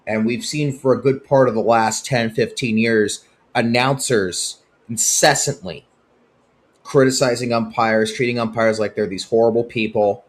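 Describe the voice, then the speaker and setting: A man hosting his own podcast, giving opinionated solo commentary that swings from heated outbursts to hushed, sober stretches. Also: medium pitch, fairly even intonation, moderate pace. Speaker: podcast host.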